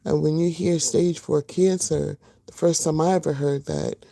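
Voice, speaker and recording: A middle-aged woman hosting a casual livestream, just woken up with a rough voice, chatting to her viewers with lots of fillers. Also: low-pitched, fairly even intonation, unhurried, dry recording, clean studio sound. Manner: chatty, warm greetings to viewers, many fillers. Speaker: livestream host.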